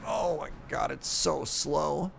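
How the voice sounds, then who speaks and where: Man, game streamer, casual commentary, gravelly voice, faint background noise, playful thinking aloud. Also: fairly high pitch, lively intonation, slow. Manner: joking, thinks aloud while building, laughs at puns. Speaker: streamer playing a survival game. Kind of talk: casual gameplay commentary, chatting with viewers.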